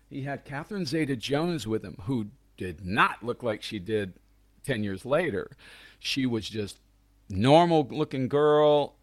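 Middle-aged male director as guest, mid-range voice, lively storyteller, dry close mic. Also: mid-range voice, no room sound. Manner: animated, acts out quoted people, laughs often. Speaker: guest, film writer and director. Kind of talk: casual anecdotal storytelling.

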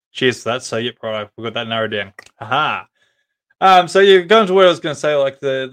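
A man with an Australian accent hosts a casual live-stream chat and talks to his viewers as he goes. His voice is smooth and clean, and he stays in a narrow, even pitch range. He rambles along with plenty of ums and false starts. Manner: rambling, many ums and restarts. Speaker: podcast host.

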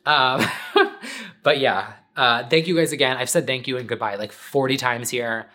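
Bright-voiced young man rambling at home. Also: mid-range voice, unhurried. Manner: rambling, candid and expressive, swears freely. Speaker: YouTuber and podcast host. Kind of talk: casual sit-down vlog chat. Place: at home in his apartment.

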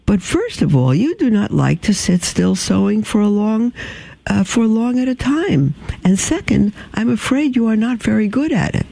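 Gentle storybook nun , read by a man, pitched up high, warm and gravelly underneath. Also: big pitch swings, normal speed, no room sound, exaggerated voice. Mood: doubtful. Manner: gentle, patient, slightly raised voice. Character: kindly older nun, gentle and firm.

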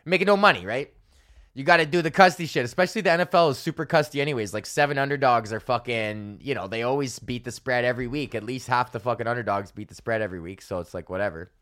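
A man's voice: medium pitch, fast, fairly bright tone. Profane ranting male comedian. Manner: profane, exasperated, sarcastic. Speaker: podcast host and stand-up comedian. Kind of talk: casual ranting monologue.

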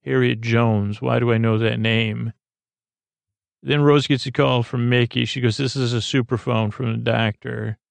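A man hosting a bedtime podcast, retelling a TV episode in a meandering, halting way full of ums and restarts. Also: steady tone, creaky, no echo. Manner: low-key, unhurried. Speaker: podcast host.

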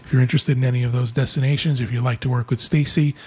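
A man hosting a casual travel podcast, friendly and relaxed as he wraps up the show. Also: medium pitch, rapid-fire, slight background noise. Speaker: podcast host, travel agent.

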